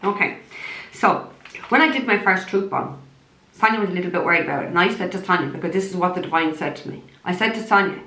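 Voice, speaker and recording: A woman's voice: lowish voice, lively intonation, fast talker, bright, forceful tone. An Irish woman, a psychic medium, ranting bluntly to camera, swearing heavily in a heated tone. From Ireland. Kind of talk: angry direct-to-camera rant. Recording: roomy echo.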